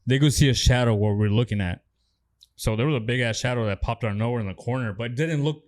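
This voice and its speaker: A man's voice: mid-range voice, fast talker. A man on a podcast, telling a story in a laid-back, plain way. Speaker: podcast co-host. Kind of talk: casual storytelling chat.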